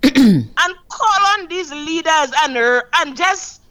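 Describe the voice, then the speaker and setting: A Saint Lucian woman calling in to a talk show, her voice high and bright. She preaches with fervor and stretches out key words slowly for effect. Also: animated, low-quality recording. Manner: impassioned, preachy, emphatic with slow drawn-out stresses. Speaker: caller. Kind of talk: call-in radio political rant.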